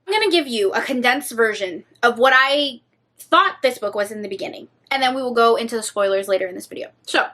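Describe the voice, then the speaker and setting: Young female book vlogger, high-pitched, expressive and dramatic, casual swearing. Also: a little fast. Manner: animated, dramatic, swears freely. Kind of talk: casual reading vlog chat.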